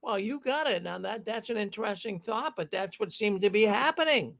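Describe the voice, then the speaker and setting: A man's voice: high voice, animated, brisk, vocal fry, fairly bright tone. A man hosting a call-in show, rambling and repeating himself. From Boston. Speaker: host.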